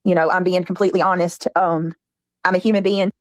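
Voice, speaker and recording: A woman's voice: lowish voice, flat delivery, fairly quick, dry recording. A woman, chatting casually on her livestream and reading viewer comments.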